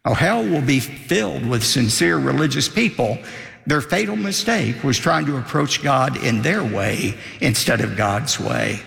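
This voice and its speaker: An older man, a pastor, preaching a sermon with emphatic rises and drops in a gravelly voice. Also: mid-range voice, fairly bright tone, reverberant, big-room sound.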